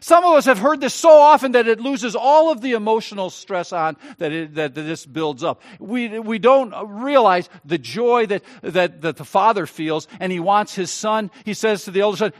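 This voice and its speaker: A man pastor preaching a sermon, swinging between loud, emphatic stretches and quiet, soft ones. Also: sits high, moderate pace, few pauses.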